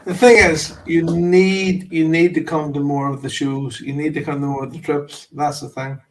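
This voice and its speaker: A man's voice: fairly high pitch, level tone, normal speed, recorded from a distance, poor audio. A man on a livestream panel, stammering and repeating himself as he rants with profanity. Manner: stammering, repetitive, ranting. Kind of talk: casual chat.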